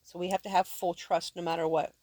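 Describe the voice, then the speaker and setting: A woman's voice: on the low side, little pitch movement, brisk, darkish tone, no room sound. Woman reading and explaining scripture. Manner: explains verses plainly, checks understanding with questions. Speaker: parent teaching scripture to her sons. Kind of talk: home scripture lesson.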